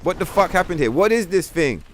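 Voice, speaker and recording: A man's voice: sits high, brisk, a little hiss or hum. A man streaming a video game live, commenting on the action as he plays, swearing freely and trash-talking the enemy on screen. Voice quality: profane, trash-talking, excitable.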